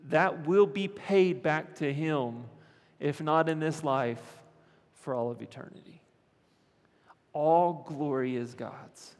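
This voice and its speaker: A man's voice: fairly high pitch, takes it slowly, long reverb tail. A man preaching a sermon as pastor, earnest, often repeating phrases and checking in with the congregation.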